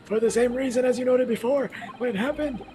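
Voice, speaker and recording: A man's voice: very high voice, brisk, dark tone. A man reading game dialogue aloud as a panicky young foreign student accused of murder, pleading and frantic. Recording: noisy home mic.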